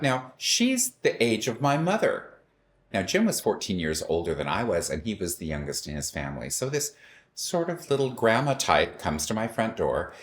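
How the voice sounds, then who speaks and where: A middle-aged man with a notably deep, low-pitched voice shares a personal story. He tells it with wry humor and animation, slipping into the voices of the people he describes. A faint background noise sits under his voice. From Los Angeles.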